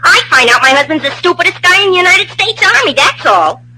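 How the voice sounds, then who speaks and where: A woman's voice: extremely high pitch, animated, brisk, bright, forceful tone, slight background noise, exaggerated voice, poor audio. A woman playing a brash young wife of an army lieutenant, wisecracking and indignant, in 1940s radio acting style.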